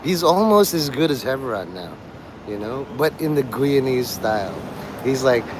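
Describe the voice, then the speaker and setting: A man's voice: mid-range voice, lively intonation, moderate pace, noisy background. A man streaming, rambling in casual commentary, sarcastic and swearing, mocking people. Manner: sarcastic, swears, mocks others in put-on whiny voices.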